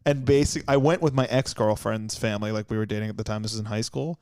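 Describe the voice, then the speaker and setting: A man's voice: lowish voice, quick pace, a little mellow, clear, resonant tone, no echo. A man hosting a comedy podcast, joking crudely and animatedly as he riffs on a restaurant's dishes and reviews. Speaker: podcast host. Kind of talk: casual comedic banter.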